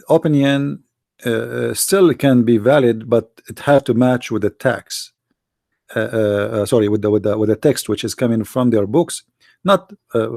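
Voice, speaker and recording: A man's voice: mid-range voice, gravelly, darkish tone, no room sound, clean studio sound. A man with an Arabic accent hosting a live call-in debate stream, asking insistent, challenging questions. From Middle East. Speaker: debate livestream host.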